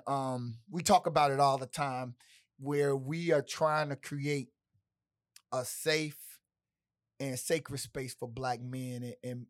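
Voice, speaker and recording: A man with a Chicago accent hosting a casual panel interview with lots of hype-man energy. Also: fairly high pitch. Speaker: host.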